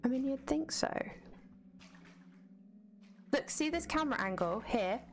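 A woman's voice: high voice, animated, measured pace, slight background noise. Chatty swearing woman game streamer. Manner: chatty, swears freely, answers chat aloud. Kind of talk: casual live-stream chat while gaming.

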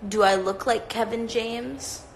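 A woman's voice: fairly high pitch, a little slow, a little hiss or hum. A woman hosting a livestream, chatting in a rambling, profane, casual way. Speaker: livestream host. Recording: roomy echoey sound.

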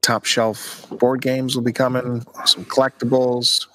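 A man's voice: medium pitch, little pitch movement, a little slow, fairly bright tone, slight background noise. A man co-hosting a podcast in casual chat, chatty and teasing as he plugs events. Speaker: podcast co-host.

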